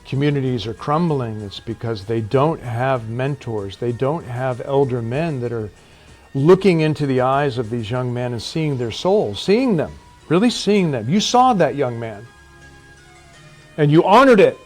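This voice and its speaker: A man's voice: mid-range voice, expressive, unhurried. A man in conversation speaks in a mid-range voice. He is earnest and emphatic and repeats key phrases for weight, with faint music underneath. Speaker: actor and podcast guest. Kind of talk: casual conversation.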